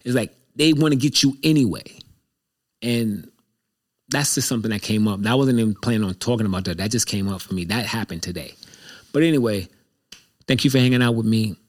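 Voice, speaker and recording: A man with a lowish voice talks fairly quickly while hosting his own show. His monologue is casual and reflective, rambling and repeating itself in a candid way.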